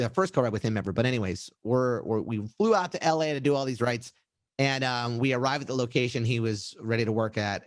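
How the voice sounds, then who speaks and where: A man in a dry, close recording, chatting loosely as a musician recalls how a song came together. He talks in a rambling, animated way, full of "like" and restarts, at a middling pitch. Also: dry recording. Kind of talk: casual storytelling interview.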